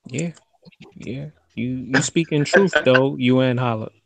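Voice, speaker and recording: A man co-hosting a podcast, speaking calmly and haltingly in agreement. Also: medium pitch, creaky, noisy background. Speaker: podcast co-host. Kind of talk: casual podcast discussion.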